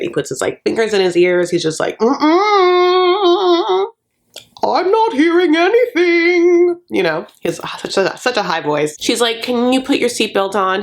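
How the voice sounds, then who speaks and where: A woman's voice: on the low side, a bit bright. A woman giving a sassy, campy recap of a reality TV show, calling her viewers "honey" and acting out quotes in put-on voices. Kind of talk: casual commentary.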